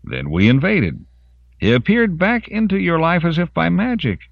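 Relentless male interrogator played by a man, needling questions, higher lively delivery, dry muffled sound. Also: normal speed, creaky, no echo.

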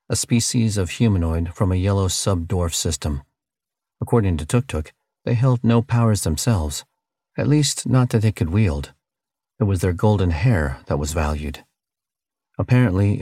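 A man narrating an audiobook in a steady, measured reading. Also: deep voice, dry recording, studio quality. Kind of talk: scripted narration.

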